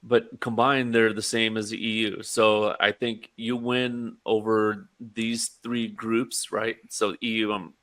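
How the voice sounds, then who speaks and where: A man co-hosting a casual political talk show, speaking in a measured way and hedging often. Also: fairly low pitch, level tone, a bit bright. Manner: measured, hedging with "I mean" and "right?". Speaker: podcast co-host.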